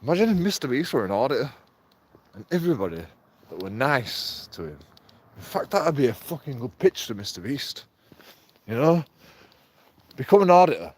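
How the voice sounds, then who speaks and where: A man's voice: mid-range voice, very animated, moderate pace, pauses often, darkish tone, breathy edge. A man, rambling and swearing in a casual vlog monologue with frequent chuckles. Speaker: vlogger.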